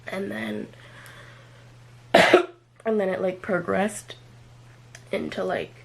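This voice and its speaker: Hesitant young woman with vocal fry. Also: medium pitch, big pitch swings, extremely slow, slight background noise, poor audio. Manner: hesitant, filler-heavy, many "like"s and trailing off. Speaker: vlogger. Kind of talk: personal confessional vlog.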